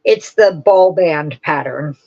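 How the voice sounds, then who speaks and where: A woman hosts a relaxed crafting livestream, drifting from one thought to the next and stopping to answer viewers' comments. She talks slowly and unhurriedly. The audio is dull and lo-fi. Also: low voice, vocal fry. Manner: rambling, chatty, answers chat comments. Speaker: host of a live crafting stream. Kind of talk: casual chat with live viewers.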